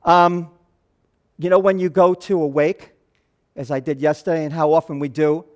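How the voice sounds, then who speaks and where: A man pastor preaching a sermon, telling the story in an animated way that swings between loud and hushed. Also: on the high side, moderate pace, clean tone.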